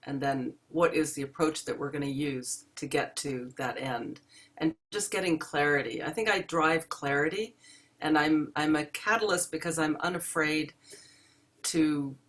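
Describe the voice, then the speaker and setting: A woman entrepreneur answering interview questions from her home office, thoughtful and measured. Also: low voice, a bit bright.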